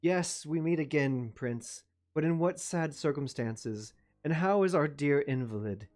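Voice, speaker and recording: A man's voice: fairly high pitch, animated, measured pace, darkish tone, no echo, clean studio sound. A man reading the part of a middle-aged noblewoman who coaxes and pleads in her sweetest tone. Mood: coaxing. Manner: sweet, coaxing tone.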